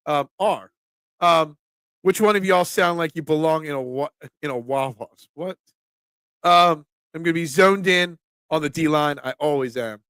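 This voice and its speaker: A man's voice: fairly high pitch, a bit bright, clear, resonant tone, dry recording. A man from Philadelphia with a Philly accent, hosting a casual sports talk stream, joking with viewers and dropping lots of ums. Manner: chatty, joking with chat, frequent ums. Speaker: sports talk show host.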